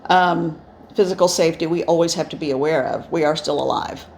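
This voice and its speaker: A woman's voice: low-pitched, fairly quick, gravelly, darkish tone, slight background noise. A woman medium telling her experiences in a rambling, reflective way, with many restarts. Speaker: spiritual medium. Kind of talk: instructional storytelling. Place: indoors, eyes often closed while talking.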